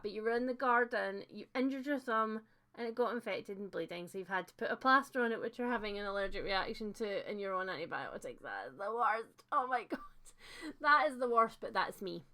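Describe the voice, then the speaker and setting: A young woman hosting a casual livestream book chat, talking warmly and chattily, reading out viewer comments with fillers and laughs. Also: a little high, smooth.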